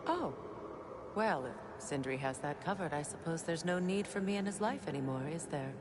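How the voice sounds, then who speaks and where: A weary, grieving goddess speaks in a low, calm, measured voice, her sarcasm bone-dry. Clear background noise runs under the game audio.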